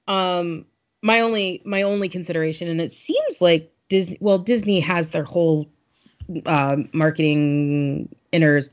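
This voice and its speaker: Low-voiced woman musing in a lo-fi chat. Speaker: podcast co-host. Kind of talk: casual chat. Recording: dull lo-fi sound.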